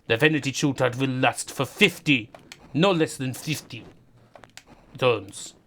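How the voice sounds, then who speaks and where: A man doing a pompous, menacing Russian leader, with slow, drawn-out threats delivered in mock gravity. The voice sits at an ordinary middle pitch for a man, and the is broad and deliberate rather than refined. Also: sharp tone, slight background noise. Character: pompous Russian head of state, male, middle-aged, menacing.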